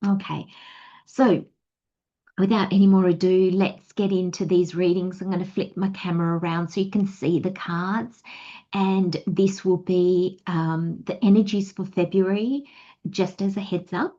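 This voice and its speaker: A woman's voice: on the low side, steady tone, measured pace, warm tone, dull audio. An Australian woman giving a tarot reading in a chatty, rambling way, slipping into little acted inner voices. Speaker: tarot reader. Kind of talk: casual spiritual guidance talk.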